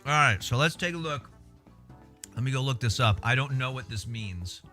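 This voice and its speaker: A man's voice: mid-range voice, lively intonation, moderate pace, sharp tone, faint music behind. A man chatting casually on a livestream, laid-back and swearing freely while he eats.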